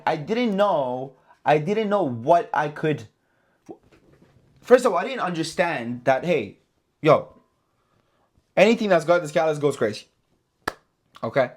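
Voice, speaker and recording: Male trading vlogger, talks fast and loose, swears, repeats for emphasis, lively pitch, slightly high voice. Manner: animated, profane, repeats himself for emphasis. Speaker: trading channel host. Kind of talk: casual trading recap vlog.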